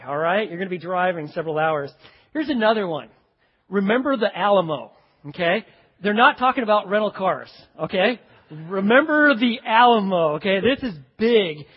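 A man preaching a sermon as pastor, with a folksy, joking and animated delivery. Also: sits high. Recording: dull sound with long hall reverb.

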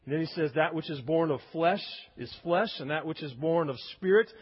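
A man's voice: fairly high pitch, fairly quick, slightly rough, lo-fi sound. A man preaching a sermon, emphatic, acting out quoted voices as he goes. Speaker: pastor.

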